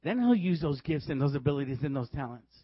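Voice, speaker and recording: Man preaching with animated storytelling. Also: a little high, quick pace, no echo, lo-fi sound. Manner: lively, laughs often while telling stories. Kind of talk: sermon with storytelling.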